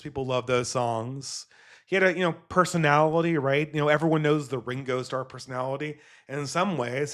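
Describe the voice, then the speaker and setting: A man's voice: medium pitch, a bit bright. A man hosting a solo commentary podcast, talking casually in a rambling, digressive way and swearing now and then. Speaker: podcast host.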